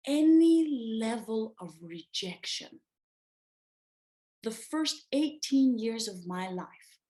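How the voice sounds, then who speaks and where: Slow, emphatic woman teacher. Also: a little high. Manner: slow, emphatic, with pauses and repeated phrases. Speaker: self-development teacher. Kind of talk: reflective guided lesson. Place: room with an open window.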